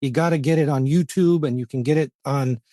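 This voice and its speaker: A man's voice: fairly high pitch, fairly quick, dark tone, no room sound, studio quality. A middle-aged American man with a faint Western Pennsylvania accent, giving a live conference presentation with wry, joking asides. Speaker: podcast co-host presenting a talk.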